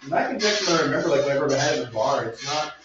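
A man's voice: fairly high pitch, lively intonation, rapid-fire, loud music behind the voice. A man chatting casually while brewing beer, easygoing, giving short replies and talking through what he is doing. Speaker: homebrewing video co-host. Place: home brewing space. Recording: roomy, distant, dull and very noisy home recording.

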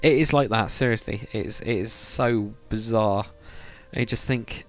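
A man's voice: mid-range voice, lively intonation, a little fast, gravelly, soft background music. A man chatting casually and rambling to viewers on a live stream, with many fillers. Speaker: live streamer, game builder.

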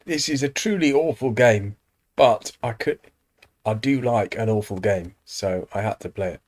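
A man's voice: fairly low pitch, normal speed, a little mellow. An English man hosting a let's play, chatting casually over gameplay with self-deprecating asides.

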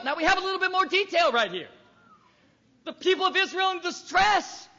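A man's voice: very high-pitched, animated, brisk, creaky, sharp tone. A man preaching a sermon, reading scripture aloud and emphatically acting out voices. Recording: echoey hall, dull lo-fi recording.

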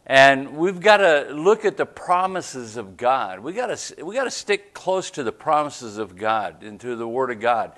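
Man, pastor, conversational sermon, church service, mid-pitched voice. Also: very animated, a little slow, hardly any pauses, a bit bright. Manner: conversational preaching with frequent "right?" asides.

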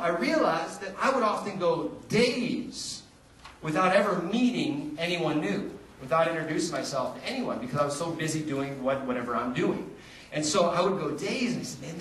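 High-voiced pastor preaching in an echoey church. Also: male voice, a little hiss or hum. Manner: lively, animated storytelling with acted-out dialogue. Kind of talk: sermon with storytelling. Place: church sanctuary. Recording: roomy, distant church recording.

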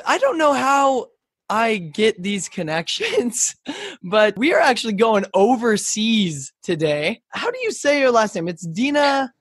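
A man's voice: high voice, a bit bright, husky. A man hosting a podcast, introducing his guest and interviewing her in a friendly, upbeat way. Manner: friendly and upbeat, laughs often. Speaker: podcast host.

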